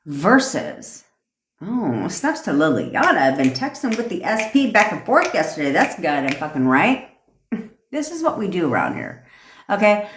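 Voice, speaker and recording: A woman's voice: on the low side, huge pitch swings, measured pace, a little hiss or hum. Profane, hyped-up woman coach in an echoey room. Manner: reads out and cheers viewer comments. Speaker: manifestation coach. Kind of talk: livestream rant.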